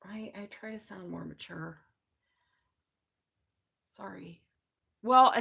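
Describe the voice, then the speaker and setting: A woman's voice: medium pitch, a bit bright. A middle-aged woman with a Southern accent hosts a live tarot reading, chatting and joking with viewers in a slightly mumbly voice. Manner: chatty and joking, laughs often, talks to the chat. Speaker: tarot reader hosting a live stream.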